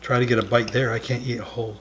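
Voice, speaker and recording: A man tasting food in a home kitchen, low-key and giving short replies. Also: level tone, fast talker, a little hiss or hum. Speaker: host's partner tasting food.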